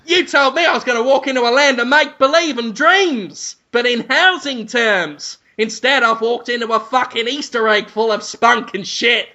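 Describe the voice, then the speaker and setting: A man playing a whiny, pushy male client who shouts demands for money. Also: extremely high pitch, moderate pace, few pauses, lo-fi sound, pitched above the performer's own voice, exaggerated voice. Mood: indignant.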